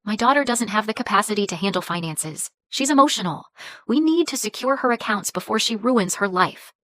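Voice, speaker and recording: A woman voicing a controlling middle-aged mother with a sharp, snapping way of talking that turns syrupy when she coaxes. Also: medium pitch, expressive, fairly quick, dry recording, studio quality, close to an everyday voice.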